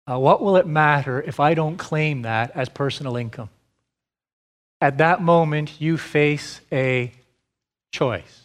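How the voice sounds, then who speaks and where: A man in his thirties preaching a sermon as a pastor, asking deliberate, repeated rhetorical questions. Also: on the high side.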